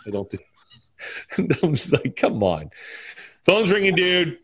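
A man's voice: a little high, very animated, takes it slowly, slightly rough. Rambling middle-aged man swapping movie quotes. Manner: rambling, trades movie quotes with bursts of laughter. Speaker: podcast guest. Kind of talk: casual chat.

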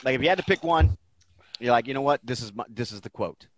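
A man hosting a podcast, chatting casually with a lively back-and-forth and quick to riff on movie quotes. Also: mid-range voice, dry recording. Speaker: podcast host. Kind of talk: casual chat.

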